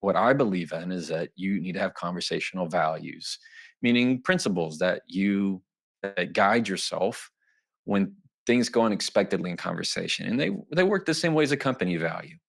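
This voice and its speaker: A man, a lawyer guest on an interview show, explaining his ideas in a lively way and often acting out little quoted exchanges. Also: low-pitched, moderate pace, creaky, husky. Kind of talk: interview answers, explaining and teaching.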